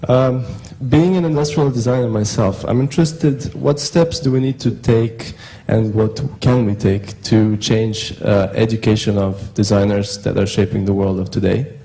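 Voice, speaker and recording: A man from the audience hesitantly asking two questions, with many pauses and fillers. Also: fairly low pitch, warm tone, a little hiss or hum, rough recording. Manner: hesitant, full of um and uh.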